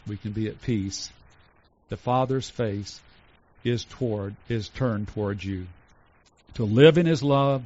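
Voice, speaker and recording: Earnest preaching man, dull lo-fi recording. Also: medium pitch. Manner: earnest, slows to stress lists, drops soft for tender points. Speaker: pastor. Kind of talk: sermon.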